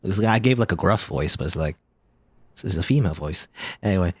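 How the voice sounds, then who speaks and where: A man's voice: deep voice, animated, fast talker, husky, no echo. A man casually commentating on a video game as he plays it, chatty and rambling. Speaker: let's play host.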